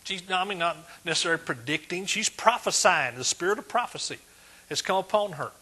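This preacher has a high, slightly rough voice and speaks briskly and expressively. His sermon is emphatic, shifting from loud declarations to hushed asides.

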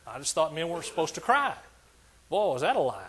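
A man's voice: on the high side, very animated, quick pace, fairly bright tone, husky. An older man preaching a sermon as pastor, emphatic and repetitive in his cadence.

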